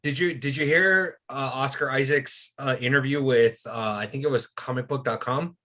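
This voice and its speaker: A man's voice: medium pitch, normal speed, bright, forceful tone. A man hosting a casual podcast chat, laid-back, swearing often and restarting his sentences. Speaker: podcast host.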